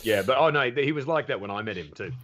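A man with an Australian accent, a comedian telling stories in casual podcast chat, animated and swearing freely. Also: mid-range voice, fast talker, a little hiss or hum. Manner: animated storyteller, swears freely, acts out quotes. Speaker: comedian guest. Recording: dull lo-fi audio.

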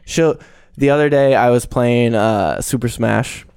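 A man with a smooth, clear voice of middling pitch tells relaxed stories in casual chat, laughing easily along the way. The sound is close and dry. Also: measured pace, no echo. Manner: laid-back storyteller, laughs easily. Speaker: podcast co-host.

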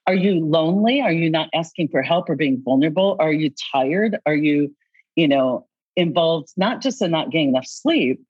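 Husky low-ish lady coach chatting on a podcast, acts out convos, dry dull lo-fi sound. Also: dry recording. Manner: animated, acts out both sides of dialogues. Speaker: coach advising company founders. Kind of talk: podcast conversation.

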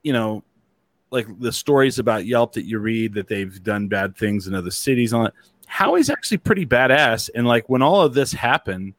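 A man's voice: mid-range voice, animated, normal speed, dry recording. A man hosting a casual talk show, rambling with many "like"s and restarts. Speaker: host. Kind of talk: casual chat.

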